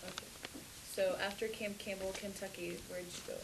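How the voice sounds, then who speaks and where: A woman's voice: mid-range voice, flat delivery, normal speed, vocal fry, background noise. A woman interviewing a veteran, asking short prompting questions. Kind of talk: oral history interview.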